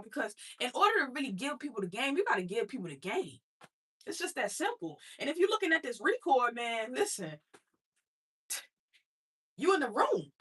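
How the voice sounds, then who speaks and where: A woman's voice: a little high, bright, forceful tone, husky. An adult woman and mother telling her own story in a blunt, streetwise motivational talk, speaking straight to her listeners.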